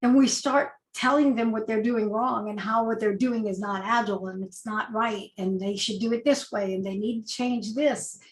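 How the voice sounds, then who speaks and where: Higher-voiced woman giving a coaching talk. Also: fairly even intonation, moderate pace, few pauses, roomy sound, low-quality recording. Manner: conversational and direct, with rhetorical questions. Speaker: agile coach and speaker. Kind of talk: presentation talk.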